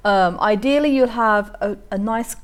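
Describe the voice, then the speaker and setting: A woman's voice: medium pitch, normal speed, smooth. Woman, quilting demonstrator, practical, plain explanations, mid-range voice. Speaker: quilting tutor guest. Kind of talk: live craft demonstration.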